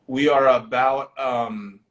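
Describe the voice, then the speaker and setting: A man hosting a casual movie discussion on a livestream, animated and profane as he retells scenes. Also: medium pitch, slow pace, roomy sound. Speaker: podcast host.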